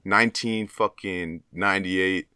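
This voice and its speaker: Very low-voiced young man rambling casually. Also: steady tone, measured pace, sharp tone, clean tone, no echo, studio quality. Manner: rambling, filler-heavy, swears freely. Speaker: podcast co-host. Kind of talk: casual chat.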